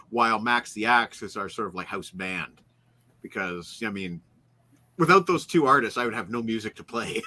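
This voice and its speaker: A man hosting a relaxed online panel chat, easygoing and joking. His pitch jumps around a lot as he talks, and his tone is bright and forward. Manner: chatty, joking, quick to laugh. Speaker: host.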